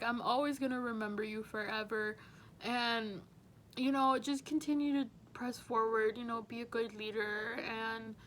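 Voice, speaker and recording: A woman's voice: on the high side, slight background noise. A woman in her twenties, a teaching assistant, speaking a casual, chatty farewell message full of "you know" and "like". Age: 20s. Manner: warm, chatty, many fillers like "you know".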